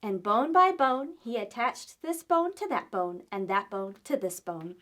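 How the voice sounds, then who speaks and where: A woman librarian reading a story aloud to children, playful and animated. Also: a little high, measured pace. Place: public library.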